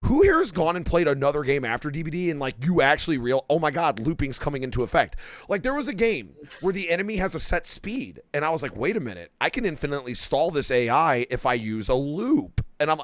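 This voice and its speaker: A young man hosting a casual gaming podcast, animated, swearing freely and laughing often. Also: on the high side, quick pace, few pauses, no echo. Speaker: streamer and podcast host.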